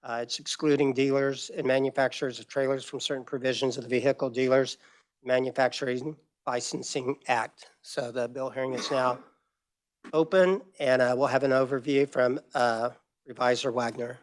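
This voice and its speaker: A man chairing a legislative committee hearing in a brisk, procedural way, speaking into a table microphone in a committee room. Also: medium pitch, fairly even intonation.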